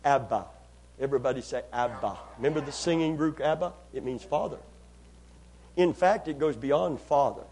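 There's a little hiss or hum under this pastor's voice, which runs on the high side. Preaching to his congregation, he prompts responses and swells to loud, stretched-out delivery on his key lines.

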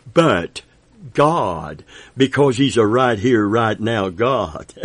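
A man's voice: mid-range voice, no room sound. A man in his seventies preaching a sermon with an emphatic, repetitive cadence, quoting scripture and praising God. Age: 70s.

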